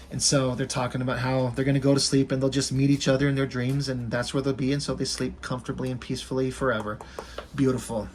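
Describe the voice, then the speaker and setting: A man's voice: mid-range voice, flat delivery, fast, a little mellow, a little hiss or hum. A man giving a casual, rambling, enthusiastic commentary on comic strips. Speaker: comic reviewer.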